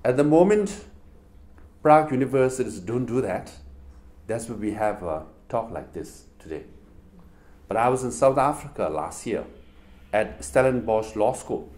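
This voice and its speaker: A man's voice: mid-range voice, measured pace, long pauses. A middle-aged man with a Tibetan accent, giving a public talk to a university audience and telling stories with rhetorical questions. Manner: animated storytelling with rhetorical questions. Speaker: public speaker.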